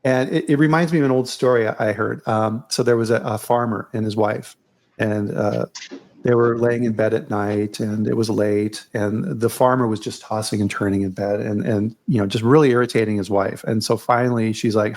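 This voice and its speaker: Relaxed man hosting a podcast chat. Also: lowish voice, moderate pace. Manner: relaxed, repeats words, tells anecdotes. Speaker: podcast host. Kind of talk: casual conversational chat.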